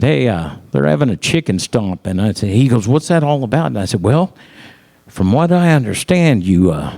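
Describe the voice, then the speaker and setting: In casual storytelling about his music career, a middle-aged man with a medium-pitched, gravelly, darkish voice acts out other people's lines in raised voices and laughs often.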